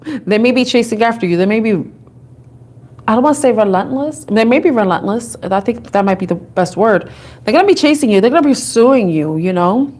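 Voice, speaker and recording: A woman's voice: on the high side, animated, a little fast, a little mellow. A woman giving a casual tarot reading, talking and thinking aloud in a chatty, giggly way. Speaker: tarot reader.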